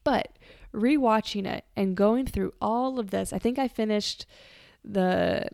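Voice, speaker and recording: A woman's voice: mid-range voice, slow, vocal fry, a little mellow, no echo, clean studio sound. A woman podcast host telling a personal story in a candid, casual way, swearing freely and trailing off and restarting as she talks.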